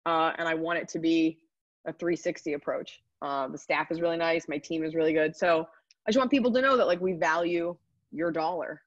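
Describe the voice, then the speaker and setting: A woman in her thirties, a comedian, chatting upbeat and quick in an interview over a video call. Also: low voice, dry recording. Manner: chatty, upbeat, rapid asides. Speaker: comedian guest. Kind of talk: casual interview answers. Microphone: computer mic on a video call. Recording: dry, dull video call audio.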